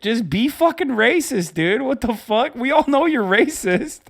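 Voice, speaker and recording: A man's voice: very high voice, expressive, a little slow, gravelly, few pauses. A man in his thirties hosting a livestream, giving profane, exasperated reaction commentary. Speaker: livestream host.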